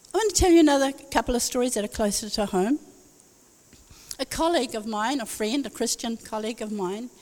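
A woman preaching a sermon, telling stories in a conversational way with wry asides. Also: sits high. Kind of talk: sermon with storytelling. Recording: long hall reverb.

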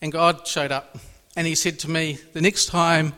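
Man, lay preacher, emotional testimony, somewhat high voice, long hall reverb. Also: level tone, moderate pace, sharp tone. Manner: earnest and emotional, repeats phrases. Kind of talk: personal faith testimony.

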